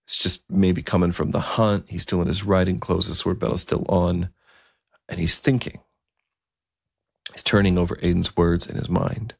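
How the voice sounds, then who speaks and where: Deep, gravelly male storyteller. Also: dry recording, studio quality. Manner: conversational, with fillers and asides. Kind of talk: storytelling narration.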